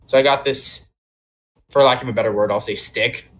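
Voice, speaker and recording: A man's voice: mid-range voice, fairly even intonation, moderate pace. A young man casually telling a long personal story on a podcast, full of "like" and "um" fillers. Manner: rambling, many "like" and "um" fillers. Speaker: podcast co-host.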